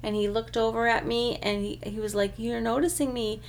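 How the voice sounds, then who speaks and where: A woman telling a lively anecdote in a casual conversation. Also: on the high side, fairly quick, a little hiss or hum. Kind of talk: casual storytelling.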